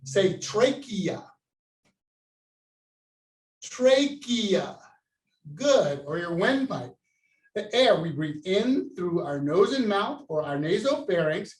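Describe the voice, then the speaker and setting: Male science educator, high and animated, call-and-response delivery; heard from a distance in a reverberant room. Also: measured pace. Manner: gestures while talking, stands and demonstrates. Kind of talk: interactive kids' science lesson.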